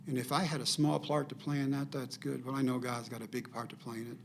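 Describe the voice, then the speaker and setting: A man's voice: mid-range voice, level tone, fast, vocal fry, slight background noise. An older man, a podcast guest telling a personal story and acting out the dialogue in it.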